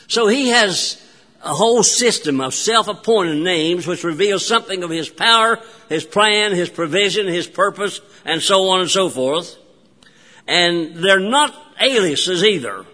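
A man preaching a sermon in a church, emphatic, with long pauses and restarts. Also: sits high, bright, forceful tone. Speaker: pastor. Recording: long church hall reverb.

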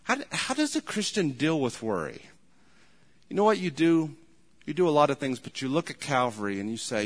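Male pastor, sermon delivery, slightly high voice, long church-hall reverb. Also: sing-song, moderate pace. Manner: storytelling, rising to fervent emphasis. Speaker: preacher.

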